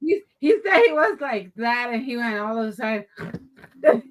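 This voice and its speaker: A woman in casual chat, telling stories in an animated way as a co-host on an online stream. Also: fairly high pitch, normal speed. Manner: animated storyteller. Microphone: online stream call.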